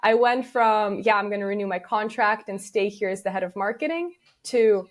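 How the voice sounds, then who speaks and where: Speaking at normal speed in a medium pitch with hardly any pauses, this young adult woman is a business founder being interviewed. She's a lively, casual storyteller who performs the lines she quotes.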